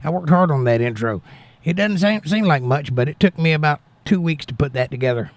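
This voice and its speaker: With a gravelly, slightly high voice and a somewhat quick pace, a man hosts a casual livestream, reading comments and answering prayerfully with thanks to God. There's no room sound on the recording.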